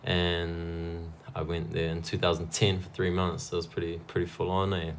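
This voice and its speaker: A man's voice: low-pitched, monotone, moderate pace, a little hiss or hum. A young man, a kickboxer guest chatting casually on a podcast, laughing often and swearing freely. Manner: laid-back, laughs often, swears a lot.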